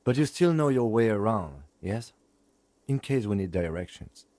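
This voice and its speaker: Game role: a man doing a level-headed lieutenant, low voice, understated. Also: animated, warm tone, no room sound, close to an everyday voice. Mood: calm. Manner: composed, measured, dry. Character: calm, dry-witted male police lieutenant. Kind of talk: video game voice acting.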